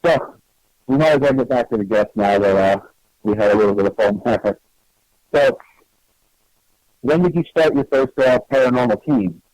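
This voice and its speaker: A man hosting an internet radio show, talking in a halting, teasing way with frequent restarts. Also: mid-range voice, darkish tone, dry recording, poor audio. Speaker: host. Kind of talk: casual radio chat.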